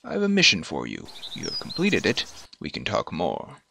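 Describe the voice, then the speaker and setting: A man voicing a weary old druid, speaking slowly and solemnly in a put-on accent, sinking to hushed whispers. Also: deep voice, huge pitch swings, gravelly, a little hiss or hum, pitched below the performer's own voice, full character voice. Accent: put-on foreign accent, not his own. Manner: slow, solemn delivery with hushed, whispered drops.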